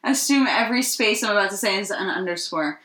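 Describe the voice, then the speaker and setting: A young woman co-hosting a podcast, telling stories in a casual, animated way, laughing and swearing often. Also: mid-range voice, quick pace, echoey room. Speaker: podcast co-host. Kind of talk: casual chat.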